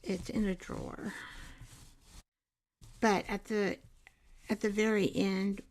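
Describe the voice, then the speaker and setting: A woman's voice: medium pitch, flat delivery, slow pace, a little mellow, slight background noise. A woman hosting a live art show, chatting casually and rambling with viewers while she paints, often breaking into laughter. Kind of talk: casual live craft demo chat.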